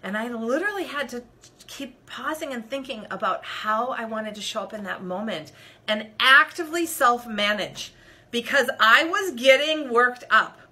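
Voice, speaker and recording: A woman coach telling a personal story straight to her viewers, animated and expressive, speaking to them directly. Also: a little high, normal speed. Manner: addresses viewers directly as "you guys". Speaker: leadership coach. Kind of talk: personal story told to camera.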